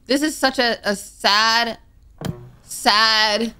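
A woman's voice: medium pitch, animated, a little slow, a bit bright, a little hiss or hum. A young woman narrating her own horror game play, jumpy and nervous, reacting with gasps and worried asides. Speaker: gaming streamer. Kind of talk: let's play commentary.

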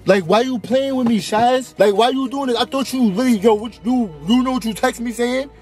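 High-voiced young man teasing in a car. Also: moderate pace, darkish tone, soft background music.

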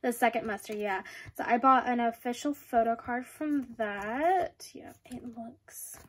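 Excitable high-voiced young woman vlogger. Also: a little slow. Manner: excitable, gushing, giggly. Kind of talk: casual unboxing vlog.

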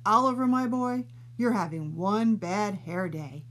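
A hearty, cheerful dad, as a woman reads him aloud, declaring things in a jovial way. The voice stays close to the reader's own, with lively pitch and a slow, steady pace. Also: close to an everyday voice. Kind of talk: storybook reading.

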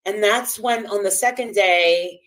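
A woman's voice: mid-range voice, measured pace, a bit bright. A woman hosting a livestream, ranting heatedly and combatively, swearing constantly and repeating herself for emphasis. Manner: talks over others, repeats herself for emphasis. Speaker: livestream host.

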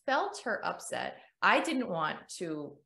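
A woman hosts a podcast in a loose, chatty way, her voice roaming widely up and down. There is a gravelly fry in her tone. She is recorded in a room with a noticeable echo. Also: lowish voice, slow pace. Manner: animated, acts out quoted voices. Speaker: podcast host. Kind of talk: casual conversational storytelling.

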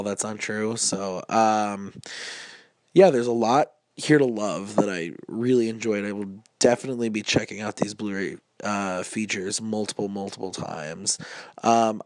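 A man's voice: lowish voice, a little mellow, no room sound, studio quality. A man with a stuffy head cold giving a casual, upbeat movie review, with lots of ums.

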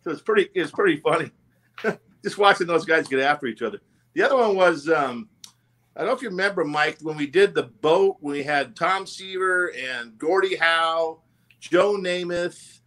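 Man in a casual roundtable who tells lively anecdotes and keeps laughing as he acts out the quotes, with a bright, sharp tone. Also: on the high side, normal speed. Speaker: former sales executive telling stories.

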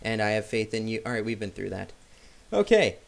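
A man's voice: on the low side, a little fast, gravelly. A man casually commenting on his game as he plays, joking with viewers and yelping when startled. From Canada. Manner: excitable, jokey, yelps at sudden scares. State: sick. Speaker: gameplay commentator.

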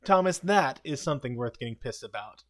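A man hosting a casual live stream, retelling a TV episode scene by scene with quick quoted lines and frequent chuckles. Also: medium pitch, animated, a bit bright. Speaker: live commentary host.

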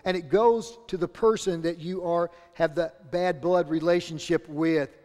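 A man's voice: on the high side, fairly even intonation, measured pace, mellow, in a large hall. A male pastor preaching a sermon in an earnest tone, repeating key phrases for emphasis. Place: church sanctuary.

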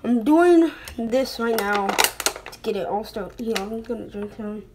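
A vlogger with a slight British accent talks casually to the camera in her bedroom, her voice a little high, animated and a bit slow. She rambles and apologizes frequently, and the home recording is noisy.

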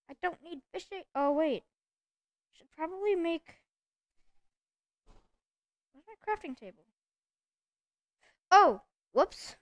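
A young woman narrates her own game play, chatty and easily excited. Her voice sits high, and the sound is dry and close, with no room echo. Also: slow, long pauses. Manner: chatty, excitable, talks to herself. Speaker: gamer. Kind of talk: let's play commentary.

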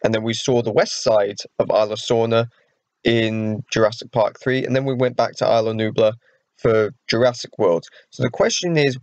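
A young man vlogging casually about upcoming films, rambling with many fillers like an excited fan. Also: mid-range voice, no echo, highs cut off. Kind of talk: casual vlog talk.

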